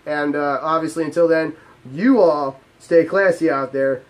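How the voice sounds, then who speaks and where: On his own channel, a man rants to camera in a heated, profane, exasperated way. His voice sits on the high side, and he keeps a measured pace.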